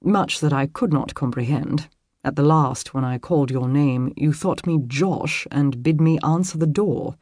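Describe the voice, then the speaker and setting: A soft-spoken medieval warrior with a deep voice and archaic, courteous phrasing, as the audiobook narrator puts him on. He sounds calm and tender, with a slightly husky edge. The reading is dry and close. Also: unhurried, no room sound, close to an everyday voice. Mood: gentle. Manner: old-fashioned speech, calm and tender.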